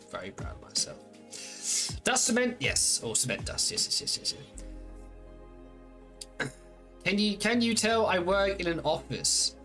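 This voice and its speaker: A man's voice: on the low side, a bit bright. A man streaming a game, chatting casually with viewers in a playful, teasing, rambling way full of fillers and restarts.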